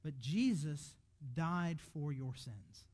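High-pitched guy pastor preaching in church, animated, keeps restarting sentences. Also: slow pace. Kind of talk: sermon. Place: church auditorium.

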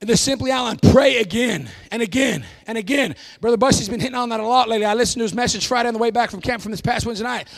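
A pastor preaching a folksy, emphatic sermon, often bursting into shouts. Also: male voice, very high voice, very fast, gravelly, few pauses.

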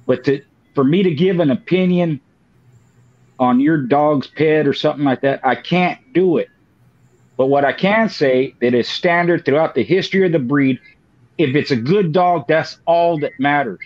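A man co-hosting a podcast, explaining his point in a measured way and repeating it for emphasis. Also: on the high side, no echo. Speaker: podcast co-host. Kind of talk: casual talk. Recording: dull lo-fi dry sound.

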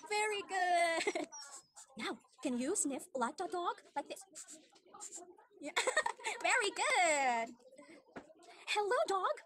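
A woman's voice: very high-pitched, very animated, slow pace, long pauses, background noise. A young woman giving an online demo English lesson to a young child, with exaggerated sing-song praise and frequent laughs. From Philippines.

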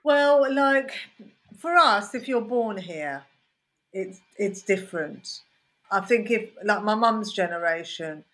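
A woman comedian with a Birmingham accent, telling rambling, anecdotal stories in a casual podcast chat. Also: fairly low pitch. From Birmingham, England. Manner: rambling, anecdotal storytelling with lively asides. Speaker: comedian guest.

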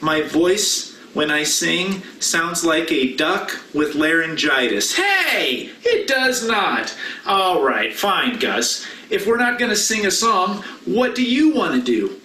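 A man leads a children's message as pastor, with playful, animated banter and a high, bright, swooping voice. He sounds off-mic and distant in a roomy church. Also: slow pace, few pauses, slight background noise. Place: church sanctuary.

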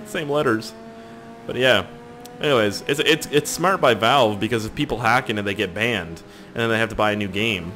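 A young man with a mid-range, somewhat bright voice gives meandering, profane gameplay commentary for YouTube. He jokes around and talks straight to his viewers.

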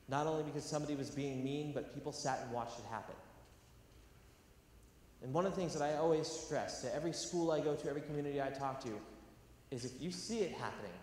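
A man's voice: on the high side, a little mellow, recorded from a distance. Brief: young male speaker from California, emphatic and earnest with light jokes; long hall reverb, faint background noise. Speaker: educational theatre speaker. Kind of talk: public talk to a live audience. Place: large university hall.

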